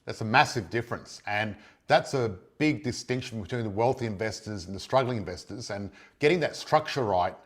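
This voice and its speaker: A man's voice: on the low side, animated, fairly quick, hardly any pauses. A man hosting an interview, speaking with eager enthusiasm and plenty of praise for his guest. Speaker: interview host. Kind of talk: casual interview.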